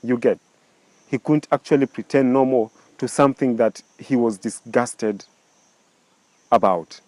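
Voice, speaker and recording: A man's voice: mid-range voice, a little slow, a little mellow, no room sound. Man telling a story with rhetorical questions. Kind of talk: casual storytelling.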